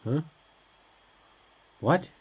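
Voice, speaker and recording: A man's voice: extremely slow, lo-fi sound. A man hosting a let's play, reading on-screen game text aloud and answering it with hesitant, sarcastic asides. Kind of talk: casual gameplay commentary.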